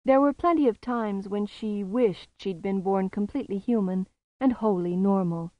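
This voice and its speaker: A woman narrating an audiobook in a calm, measured way. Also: medium pitch, dry recording, highs cut off.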